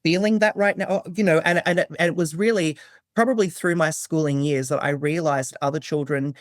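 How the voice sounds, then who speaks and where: A man as a podcast guest, earnestly telling a personal story, animated and often restarting his sentences. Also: a little high, fairly quick, no room sound, clean studio sound. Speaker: guest, psychic medium. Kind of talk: conversational storytelling.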